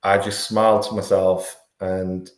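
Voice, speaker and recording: Heard in a roomy, echoing space, a man in his 40s speaks low and flat at a measured pace. He's a life coach on a podcast, earnest and candid in conversation, often restarting his words and repeating them when he picks a thought back up.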